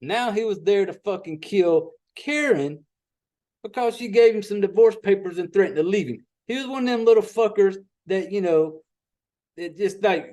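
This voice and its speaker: A man with a fairly high voice retells a horror movie in loose, rambling fashion. He swears freely and drops folksy asides as he goes, in a casual podcast chat. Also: lively intonation, warm tone. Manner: rambling, profane, folksy storytelling with quick asides. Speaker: podcast host reviewing a horror film. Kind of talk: casual profane movie recap.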